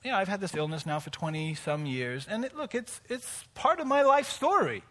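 High, bright-voiced pastor preaching. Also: male voice, sing-song, fairly quick. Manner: personal and heartfelt, building to emphatic preaching. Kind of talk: conversational sermon.

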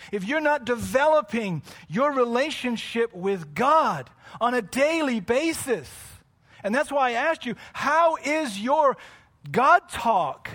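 Preaching man with a high, bright voice; loose and unscripted, moves from quiet confiding to shouted emphasis. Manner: swings from quiet and intimate to loud shouting; self-correcting, off-the-cuff asides. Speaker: pastor. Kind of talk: sermon.

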